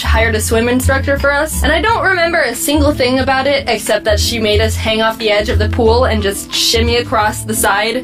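A young woman narrates her own stories in a scripted comedic voice, wry and self-mocking. Her voice sits fairly high. Music plays clearly under her. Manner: quick, self-mocking, deadpan jokes. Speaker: animated storytelling video narrator. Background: background music.

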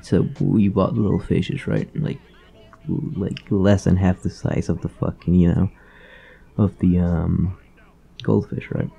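A man's voice: deep voice, little pitch movement, slow pace, creaky, dark tone, breathy edge, lo-fi sound. A young man vlogging a rambling, profane storytime rant, full of fillers and asides.

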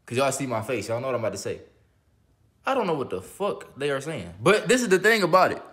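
A man's voice: medium pitch, big pitch swings, fast, a bit bright. A man hosting a reaction video, giving blunt, profane, casual commentary and often asking "you feel me".

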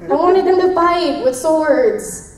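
Bubbly young woman voice actress on a convention panel; rambly and giggly, slightly high voice, recorded from afar in an echoey room. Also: expressive, takes it slowly. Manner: bubbly, laughing, rambling with many fillers. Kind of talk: convention Q&A answers. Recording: echoey convention room, distant, faint noise.

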